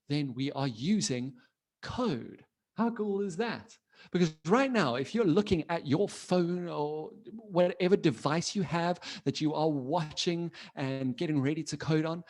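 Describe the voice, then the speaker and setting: A man teaching an online coding class for children from his computer, playful and animated, constantly asking the kids questions. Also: a little high. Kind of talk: live online children's lesson.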